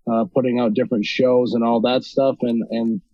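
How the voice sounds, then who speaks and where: Man from North Dakota, podcast guest, monotone and halting, dry lo-fi sound. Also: mid-range voice, no echo. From North Dakota, USA. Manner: hesitant, many ums and restarts. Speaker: podcast guest, video creator. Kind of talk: casual interview conversation.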